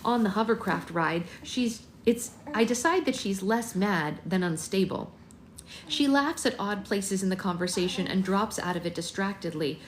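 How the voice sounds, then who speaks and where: A woman hosting a live book club from home, reading a novel aloud in a gentle, unhurried voice and breaking into soft singsong baby talk to her infant. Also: medium pitch, lively intonation, slight background noise. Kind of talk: live read-aloud with casual asides.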